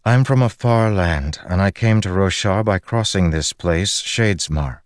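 Man doing a calm, guarded woman warrior. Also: sits low, unhurried, no room sound. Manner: calm, dry, understated.

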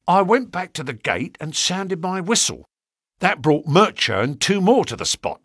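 Gruff common-spoken constable, a man reading him; husky, lively, dry studio. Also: high voice, moderate pace, dry recording, voice pushed up, exaggerated voice. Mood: aggrieved. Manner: dropped grammar, rough common speech. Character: gruff working-class London police constable, defensive. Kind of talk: audiobook character reading.

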